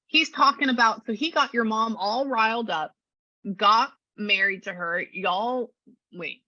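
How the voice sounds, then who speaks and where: Bright, chatty woman medium. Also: a little high, a little slow, no echo, muffled recording. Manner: chatty, animated, relays a spirit's words in quotes. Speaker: spiritual medium. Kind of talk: casual reading session with a client.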